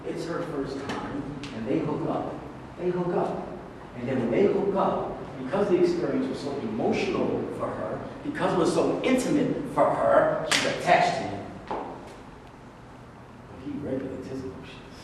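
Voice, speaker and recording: A man with a slightly high voice lectures a class in a casual, conversational way, repeating key phrases and firing off rhetorical questions. He stands far from the mic in a large hall with long, heavy echo. Steady noise sits under his voice. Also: measured pace, long pauses. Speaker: religious class instructor.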